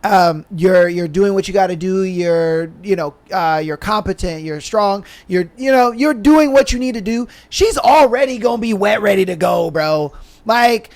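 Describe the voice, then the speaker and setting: A man's voice: sits high, normal speed. A man hosting a podcast, frank and emphatic in casual chat. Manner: emphatic, frank, says bro a lot. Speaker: podcast host.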